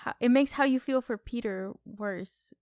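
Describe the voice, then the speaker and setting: Brief: woman co-host with a fairly high voice, animated and loose with her swearing, on a dry close mic. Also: normal speed, dry recording. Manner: animated, swears freely, repeats questions for effect. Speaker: podcast co-host. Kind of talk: casual film discussion.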